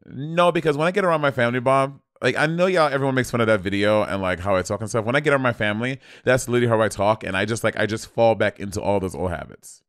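A man's voice: medium pitch, fast, dry recording, studio quality. A man from Saint Lucia co-hosting a podcast, telling stories in casual chat and laughing easily. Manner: laughs easily, relaxed storytelling. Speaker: podcast co-host.

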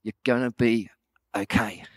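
A man voicing a calm, kind boat instructor who reassures a swimmer in trouble. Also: medium pitch, measured pace, slightly rough, no room sound, clean studio sound, voice pushed down. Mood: soothing. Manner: soothing, reassuring.

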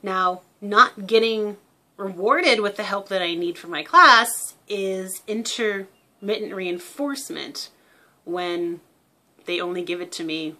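A woman's voice: mid-range voice, bright, forceful tone. A young woman who owns a parrot, talking casually and explaining bird behavior through everyday examples. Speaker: parrot owner giving behavior tips.

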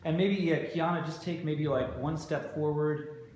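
A male drama teacher coaches students through a rehearsal and keeps asking for their ideas. His voice sits a bit high for a man. The room echoes heavily, with faint noise underneath. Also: steady tone, a little slow. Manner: encouraging, asks many questions. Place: school rehearsal space.

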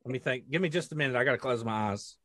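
A man's voice: medium pitch, racing, heavy background noise. An American man chatting casually as a podcast guest, telling rambling stories. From United States. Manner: lively, rambling storyteller. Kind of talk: casual chat.

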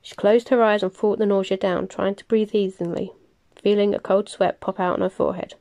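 A woman reading a novel aloud, plain and unhurried, with small slips she corrects as she goes. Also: medium pitch, fairly even intonation, darkish tone. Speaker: reader. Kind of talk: audiobook-style novel reading.

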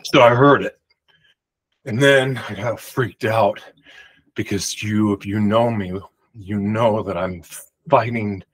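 A man host telling a personal story in a rambling, animated way, often cutting himself off. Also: fairly low pitch, husky, rough recording. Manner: rambling, animated, self-interrupting retelling.

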